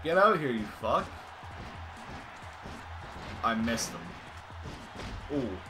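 A young man commenting casually while playing a video game at home, swearing and yelling at the screen. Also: medium pitch, big pitch swings, takes it slowly, over music. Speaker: gaming channel host. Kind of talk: casual let's-play commentary. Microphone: desk microphone.

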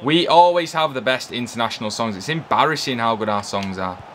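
An English man chatting casually while playing a football video game, yelling player names and cracking jokes. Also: mid-range voice, a little fast. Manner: excitable, yells player names, chatty banter. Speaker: gaming video host.

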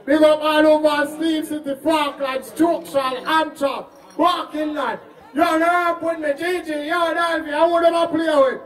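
A Jamaican man working as the MC of a live stage show, calling shout-outs to the crowd. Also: very high voice, fairly even intonation, normal speed, distant mic, rough recording. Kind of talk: live MC hype talk.

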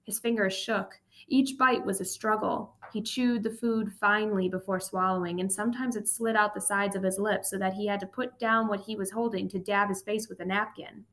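A woman reading a first-person memoir aloud as an audiobook narrator, steady and even. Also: mid-range voice, moderate pace, hardly any pauses.

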